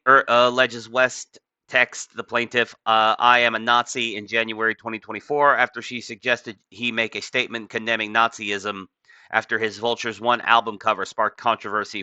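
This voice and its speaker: A man's voice: fairly low pitch, little pitch movement, normal speed, bright, forceful tone, smooth, no echo. Offhand man rambling over a dull mic. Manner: offhand, rambling, many fillers. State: just woken up. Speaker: commentator. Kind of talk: casual commentary reading a news article aloud.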